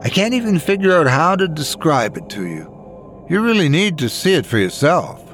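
A man's voice: on the high side, big pitch swings, moderate pace, vocal fry, soft background music. A man doing an entranced, awestruck husband. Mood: awed. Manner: full of awe, childlike wonder.

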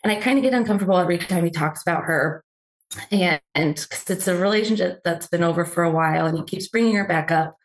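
A woman's voice: on the low side, quick pace. A woman telling a family story as a caller, chatty and hesitant, with many fillers. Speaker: caller seeking advice. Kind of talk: casual storytelling.

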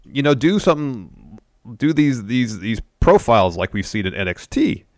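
A man's voice: medium pitch, normal speed, no room sound, studio quality. A man co-hosting a casual podcast, recapping events step by step and adding opinions. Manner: steady recap, then opinions. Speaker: podcast co-host.

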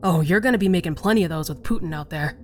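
A disapproving father, played by a woman, speaks curtly with dry sarcasm. His voice sits on the low side. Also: fast talker, slight background noise, close to an everyday voice. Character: gruff disapproving older father.

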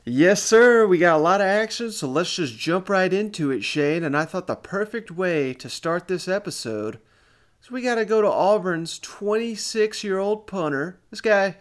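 A man hosting a casual sports podcast, upbeat and quick to laugh. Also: sits high, animated. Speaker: podcast host.

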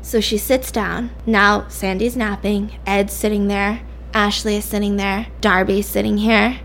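A young woman casually retelling a dramatic story, chatty and animated, with lots of fillers. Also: mid-range voice, measured pace, slight background noise.

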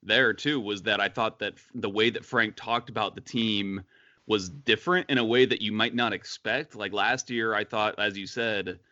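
A man's voice: fairly low pitch, fairly even intonation, moderate pace, sharp tone, no room sound, lo-fi sound. A man co-hosting a casual sports podcast, chatty, with many fillers and restarts. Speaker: podcast co-host.

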